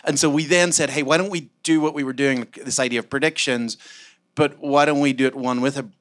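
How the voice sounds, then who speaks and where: A man from Scotland, a startup founder, answering onstage interview questions in a rambling, animated way full of fillers and self-mocking asides. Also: medium pitch, fairly quick. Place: event room with a live audience.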